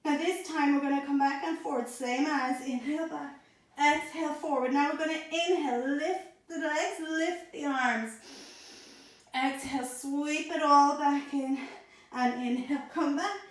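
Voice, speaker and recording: Woman, fairly high voice, pilates instructor, calm breath cues, slightly out of breath, very echoey room. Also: moderate pace. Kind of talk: guided workout instruction.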